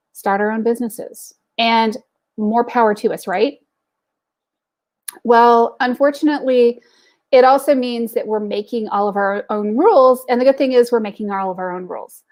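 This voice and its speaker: Upbeat middle-aged woman, kinda high voice, hosting a business live stream and chatting right to viewers. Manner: upbeat, direct, speaks straight to viewers; tells jokes and anecdotes. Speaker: host of an online women's business group. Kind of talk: live-stream pep talk.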